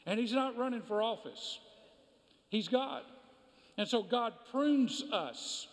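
A man's voice: very high-pitched, lively intonation, slow pace. A man preaching a sermon as pastor, emphatic and repetitive, in a church sanctuary. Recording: long hall reverb.

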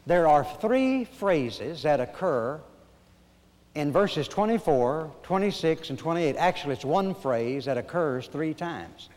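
Older preacher in a reverberant hall. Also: male voice, fairly high pitch, darkish tone. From Arkansas, USA. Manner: folksy storytelling mixed with emphatic preaching, dramatic pauses. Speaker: pastor. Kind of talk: sermon.

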